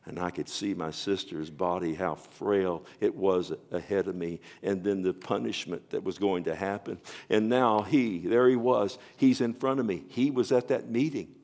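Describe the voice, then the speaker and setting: A man delivers a sermon in a low, gravelly voice. He tells a story dramatically, rising loud and dropping to a hush. He keeps asking his listeners whether they follow him. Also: moderate pace, hardly any pauses. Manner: dramatic, swinging between loud and hushed; addresses listeners directly with questions. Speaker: preacher.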